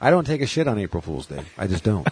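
A man in casual chat, telling crude jokes and animated stories. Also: on the low side, fast, breathy edge. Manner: crude, animated storyteller doing voices.

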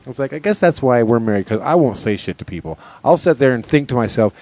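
A man spins long, rambling stories in a casual chat, full of swearing and asides. His voice sits at a middling pitch for a man. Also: animated, fast talker, darkish tone. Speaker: festival security worker.

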